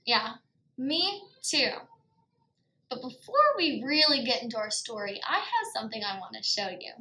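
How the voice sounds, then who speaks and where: A woman teaching a Bible lesson to preschoolers, animated and sing-song, with gasps and exclamations. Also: a little high, moderate pace, roomy sound, a little hiss or hum.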